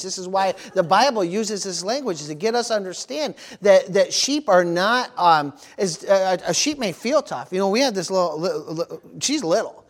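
High-pitched male pastor, storytelling sermon delivery with frequent amens. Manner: animated storytelling with amens and praise interjections.

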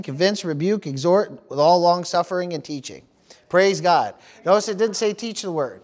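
A man's voice: a little high, lively intonation, a little fast. A man preaching a sermon as pastor, often stopping for amen, praise the Lord and hallelujah, repeating words as he goes. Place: church service.

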